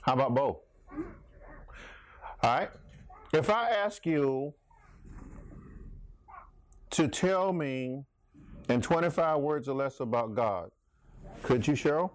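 Lively Bible class leader. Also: medium pitch, slow pace, long pauses, no room sound. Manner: animated, questioning, jokey asides. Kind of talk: interactive Bible class teaching.

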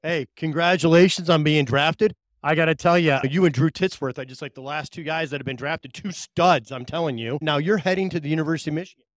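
Fast chummy guy interviewing a player, kinda high voice, dry. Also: no room sound. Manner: joking, chummy. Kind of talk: casual interview.

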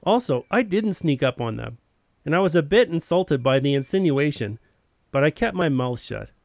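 A man's voice: on the high side, sing-song, moderate pace, vocal fry, dry recording, studio quality. A man telling a first-person story in a plain, wry narrating voice.

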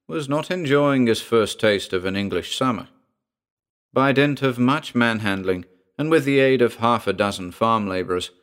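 A man with a lowish voice narrates a short story as an audiobook. He reads in a steady, measured way. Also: smooth.

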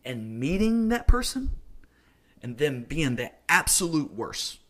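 A man hosting a solo podcast, talking through his pet peeves with high energy, jumping between loud emphatic bursts and quiet asides. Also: very animated, takes it slowly. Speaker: podcast host.

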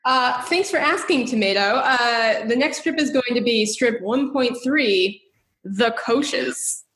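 A woman's voice: on the high side, takes it slowly, fairly bright tone, roomy sound, slight background noise, rough recording. A woman co-hosting a podcast in casual chat, rambling and giggly, swearing freely. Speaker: podcast co-host.

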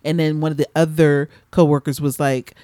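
A middle-aged woman hosting a podcast in casual chat, animated, laughing often and swearing freely. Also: low voice, fairly quick, no echo. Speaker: podcast host.

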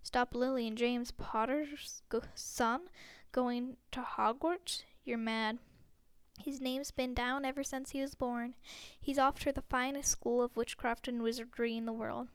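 Hagrid, as a woman reads a gruff giant gamekeeper. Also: fairly high pitch, steady tone, a little slow, no room sound. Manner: folksy, blunt, dropped-letter dialect. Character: giant bearded male gamekeeper, gruff, loyal, hot-tempered. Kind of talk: audiobook character reading.

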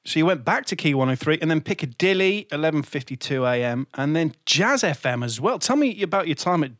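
A man's voice: fairly high pitch, animated, fairly quick, fairly bright tone, no room sound, clean studio sound. A man hosting an interview, asking his guest questions in a hesitant, searching way. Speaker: podcast host interviewer.

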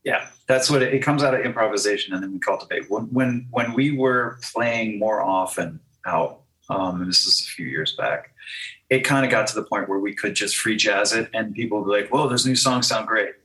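A man's voice: on the low side, fairly quick, pushed and bright, rough recording. A man talking casually as a guest musician in an interview, loose and teasing, with lots of "like" fillers. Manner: laughing, teasing, filler-heavy with "like".

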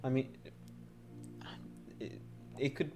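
A man's voice: medium pitch, fairly even intonation, slow pace, over music. A man hosting a casual podcast chat, joking around, laughing often and stumbling over restarts. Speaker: podcast host.

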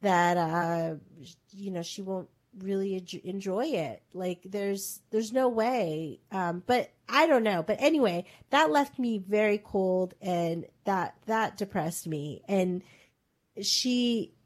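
A woman hosting a pop culture podcast in casual chat, animated and talking in bursts with lots of "like"s. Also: medium pitch, slow. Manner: animated, talks in bursts with many "like"s. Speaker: podcast host.

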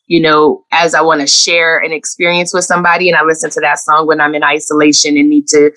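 A woman's voice: sits low, completely flat delivery, fast, a bit bright, rough recording. A woman guest on an interview, speaking in an earnest, heartfelt way and close to tears, often repeating her phrases. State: emotional, near tears. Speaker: guest therapist. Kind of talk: reflective interview talk.

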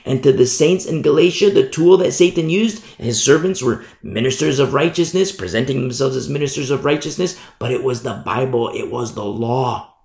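A man preaching a sermon as pastor, emphatic, swinging from loud declarations to hushed asides and mimicking sinners' excuses. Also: medium pitch, normal speed, vocal fry, echoey room.

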